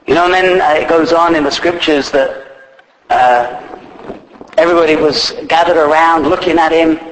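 A man's voice: a little high, fairly even intonation, moderate pace. A man preaching a sermon, retelling scripture in plain conversational speech with frequent fillers. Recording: echoey, faint background noise.

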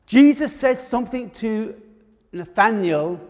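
A man's voice: sits high, lively intonation, measured pace, darkish tone. A man preaching a sermon, reading scripture and then explaining it in a conversational way with fillers and restarts. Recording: long hall reverb.

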